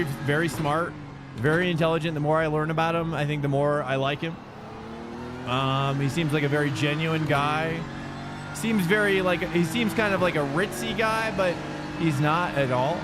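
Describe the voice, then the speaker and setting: A man streaming sim racing, chatting loosely and rambling as he talks to his viewers. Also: fairly high pitch. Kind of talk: casual live-stream chat. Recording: streamed over music. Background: background music.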